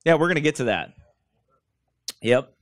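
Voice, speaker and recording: A man's voice: medium pitch, expressive, moderate pace, no echo. Blunt, mocking male preacher, dry sound. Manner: blunt, mocking, digressive preaching with put-on quoted voices. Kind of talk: sermon. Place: church room, speaker seated.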